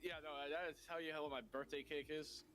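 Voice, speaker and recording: Male guest, teasing and giggly, talks with his mouth full; fairly high, bright voice, faint music behind. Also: flat delivery, fairly quick. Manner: teasing, laughing, chewing while talking. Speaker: guest on call. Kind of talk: casual chat on a call. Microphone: new mic.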